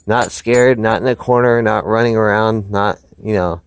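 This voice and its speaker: Outdoors by a fenced yard, a man talks casually to camera about training his dog, explaining at length and restarting often. His voice sits on the low side at a normal speed, with vocal fry and a slight hiss or hum in the recording.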